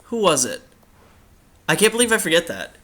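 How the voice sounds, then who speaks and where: A man's voice: high voice, very animated, normal speed, sharp tone. A young man casually commenting on a hockey video game as its host, rambling with many fillers and the odd swear. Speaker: gaming channel host.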